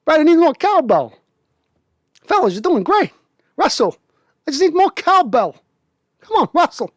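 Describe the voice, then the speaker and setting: A man putting on a halting, offbeat celebrity impression, breaking his lines with odd pauses. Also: extremely high pitch, big pitch swings, no echo, clean studio sound, pitched above the performer's own voice. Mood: pleading.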